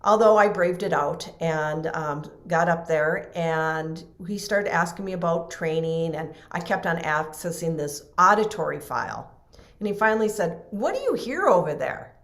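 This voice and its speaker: Woman guest, low-pitched, chatty storyteller, recorded in a roomy space. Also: moderate pace. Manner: animated, acts out quoted voices, many fillers. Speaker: interview guest. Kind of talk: personal storytelling in conversation.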